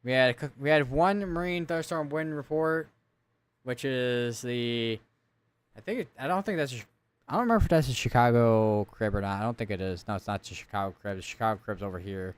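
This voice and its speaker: A man's voice: medium pitch, a little fast, clear, resonant tone. A man giving live severe weather coverage, reading out storm reports and town lists and correcting himself as he goes. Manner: thinks aloud, reads town lists, corrects himself often.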